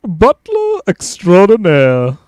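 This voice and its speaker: A man putting on a pompous French butler and confectioner voice with a mock French accent, slow and high. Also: huge pitch swings, darkish tone, no echo, heavily acted. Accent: put-on French.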